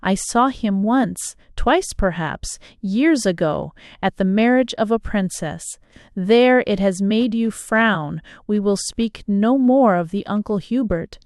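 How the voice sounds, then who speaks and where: A woman voicing an alluring, teasing foreign lady who speaks slowly and lingeringly. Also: medium pitch, animated, a little mellow, no room sound, clean studio sound. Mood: coaxing. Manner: slow, lingering, playfully seductive.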